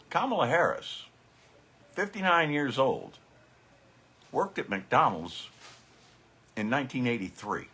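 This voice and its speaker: A man's voice: medium pitch, very animated, slow pace, pauses often, sharp tone, husky. A man hosting a live commentary show, talking casually and sarcastically, with plenty of swearing. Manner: sarcastic, profane, scoffing.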